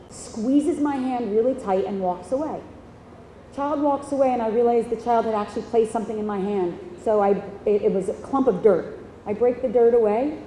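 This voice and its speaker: A woman's voice: on the high side, mellow, slight background noise. Earnest woman speaker, echoey PA sound. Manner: earnest and emotional, with short fragmented phrases. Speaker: keynote speaker. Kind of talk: personal story in a keynote speech. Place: outdoor event at a horse park.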